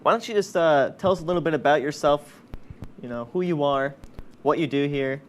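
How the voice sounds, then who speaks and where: A man's voice: on the high side, fairly quick. A young man co-hosting a student campus TV show, joking and playful in casual studio chat. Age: young adult. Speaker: co-host.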